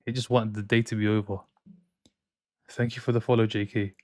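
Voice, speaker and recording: Streaming a football watchalong from home in France, this young man talks at a slightly fast clip in a fairly low, slightly mellow voice with a flat delivery. He's chatty and opinionated, reading and replying to viewer messages as he goes, and the close-miked recording is dry.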